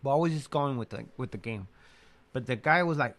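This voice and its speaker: Animated man telling a story. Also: mid-range voice, brisk. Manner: animated, laughs while telling, lots of fillers and restarts. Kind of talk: casual storytelling.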